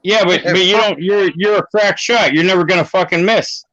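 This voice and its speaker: A man's voice: high-pitched, normal speed, dull audio, over music. A man calling in to a casual online talk show, joking crudely and flirting. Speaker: caller.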